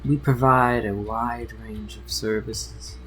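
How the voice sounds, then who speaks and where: A flirty, coy woman tends the bar in a sci-fi cantina, as a male game master puts her on. She keeps calling people honey and purrs her lines at an ordinary pitch, with light guitar music under the table talk. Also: steady tone, slow pace, fairly bright tone. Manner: sultry, calls people honey.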